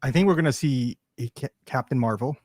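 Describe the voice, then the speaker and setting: A man chatting casually as a podcast guest, animated and laughing as he talks. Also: medium pitch, brisk, no echo, clean studio sound. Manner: animated, laughs often, mimics others. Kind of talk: casual chat.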